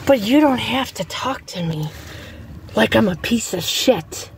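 A woman vents to her viewers in a casual vlog, blunt and fired up, with swearing slipping in. Her voice sits a little high. A faint noise runs under the recording, as if she is talking from a car. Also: animated, unhurried, vocal fry, low-quality recording. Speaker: vlogger.

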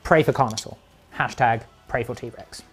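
A woman's voice: extremely low pitch, moderate pace, faint music behind. A woman playing a tabletop wargame and talking through each move with playful jokes. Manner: jokey, animated, explains each move. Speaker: tabletop game player and presenter. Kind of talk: playful battle report commentary.

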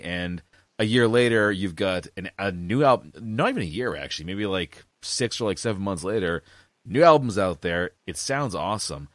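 A man's voice: deep voice, moderate pace, no echo, studio quality. A man interviewing a guest in an enthusiastic, casual way. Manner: enthusiastic, lively, praising.

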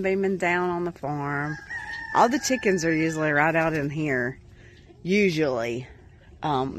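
A woman filming her farm animals outdoors on a phone, talking to them in affectionate baby talk and chatting to viewers. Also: sits low. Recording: faint outdoor background noise. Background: chickens clucking and roosters.

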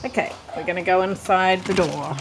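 A woman's voice: on the low side, brisk. A woman casually narrating a tour of her family home, filmed on a handheld camcorder. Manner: chatty, relaxed, laughs softly between remarks. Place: inside a family house. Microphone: handheld camcorder mic. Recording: noisy home camcorder audio.

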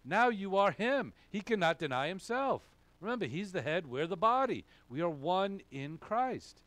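A male pastor delivers a sermon in an emphatic way, posing questions and answering them himself. His voice sits a little high for a man. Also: very animated, moderate pace, fairly bright tone, no echo.

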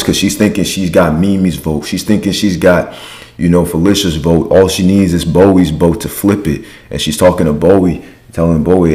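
Low-voiced male podcast host, casual slangy recap, acts out quotes. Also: steady tone, normal speed, warm tone. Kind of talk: casual reality-show recap.

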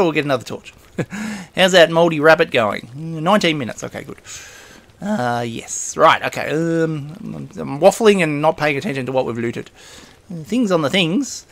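A man with a slightly high, gravelly voice talks his way through a survival game. He rambles, mutters to himself and chuckles as he goes, in the easy style of a let's-play host. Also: fairly bright tone. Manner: rambling, self-talking, chuckles often. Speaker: gaming host. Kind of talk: casual let's-play commentary.

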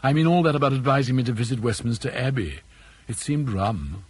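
A man's voice: medium pitch, animated, fairly quick, husky. A man voicing an awkward, nervous young businessman who talks in a hesitant, puzzled way.

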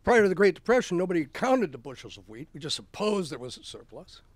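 High-voiced male author telling history. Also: big pitch swings, quick pace, no echo. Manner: anecdotal storytelling with acted quotes. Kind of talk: book talk. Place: bookstore event.

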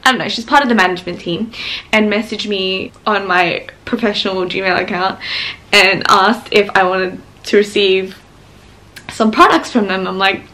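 A young woman in her twenties chats to a handheld camera at home in a casual vlog. She is excitable and laughs easily. Her voice sits at an ordinary middle pitch. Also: normal speed. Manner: chatty, excitable, laughs often. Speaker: vlogger. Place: at home, indoors.

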